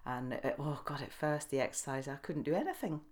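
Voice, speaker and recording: Low-pitched woman, middle-aged, chatty storyteller, quick laughs. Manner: lively storyteller who laughs often and acts out quoted speech. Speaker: guest. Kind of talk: casual interview storytelling.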